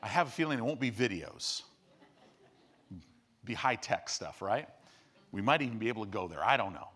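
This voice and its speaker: A man preaching a sermon in an animated storytelling style, acting out quotes as he teaches. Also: on the low side, moderate pace, husky.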